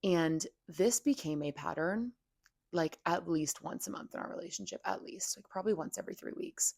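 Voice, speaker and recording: A woman's voice: on the low side, animated, normal speed, gravelly, a little mellow, dry recording, studio quality. A young woman hosting a podcast, venting candidly in casual talk full of "like" and swearing. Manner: venting, heavy "like" filler, frequent swearing. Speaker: podcast host.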